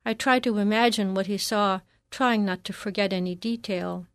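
A woman narrating a first-person memoir in a measured, reflective reading. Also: medium pitch, fairly even intonation, clean tone, no room sound, clean studio sound.

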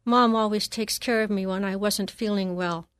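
A woman reads a first-person memoir in a measured, reflective voice. Her pitch sits in the middle of the female range, and the recording is dry and close with no room echo. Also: steady tone, clean tone. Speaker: narrator.

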